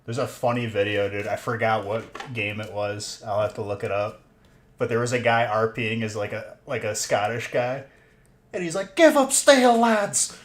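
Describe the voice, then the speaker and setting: A man's voice: lowish voice, flat delivery, normal speed. A young man hosting a livestream, chatting casually with viewers in a laid-back way, talking through a headset. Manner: laid-back, says "dude" and "bro" often. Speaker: livestream host of card box breaks. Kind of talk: casual chat with stream chat. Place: room in a collectibles shop. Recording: echoey room with faint noise.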